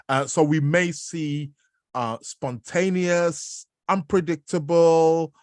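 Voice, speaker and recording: A man's voice: medium pitch, no room sound. Guy hosting a podcast, rambly, lots of ums, dry close sound. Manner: rambling, many fillers and restarts. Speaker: astrology podcast host. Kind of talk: casual spoken commentary.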